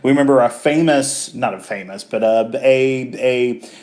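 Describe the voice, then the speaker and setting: A man's voice: mid-range voice, moderate pace, a little mellow. A middle-aged man co-hosting a morning devotional, talking earnestly about faith with small restarts. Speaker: devotional co-host. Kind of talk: casual devotional chat.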